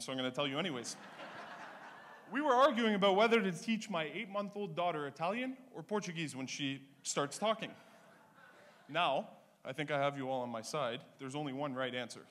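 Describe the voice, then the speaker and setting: High bright stand-up comic. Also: male voice, a little fast, slight background noise. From Canada (Ontario). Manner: punchy, animated storytelling. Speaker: stand-up comedian. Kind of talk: stand-up comedy set.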